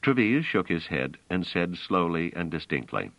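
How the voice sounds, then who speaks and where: Very deep-voiced male audiobook narrator. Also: very animated, no room sound. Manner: measured storytelling. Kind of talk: scripted narration. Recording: dull lo-fi dry recording.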